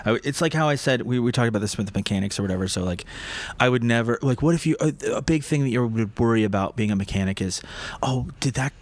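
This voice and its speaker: A man's voice: mid-range voice, fast talker, hardly any pauses. Rambling, easygoing man in a shop. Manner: rambling, self-correcting, laughs easily. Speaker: motorcycle shop co-host. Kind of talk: casual livestream chat. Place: motorcycle shop showroom.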